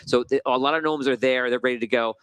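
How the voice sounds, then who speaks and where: Brief: chatty game master, bright, forward tone, rambling and self-correcting. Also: male voice, mid-range voice, fairly even intonation, fast talker, clean tone, no room sound. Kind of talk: narrating a tabletop game.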